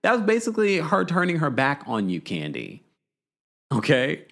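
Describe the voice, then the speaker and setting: A man hosting a podcast, casually recapping a reality show in an animated, gossipy way and laughing often. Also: fairly high pitch, normal speed, creaky. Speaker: podcast host.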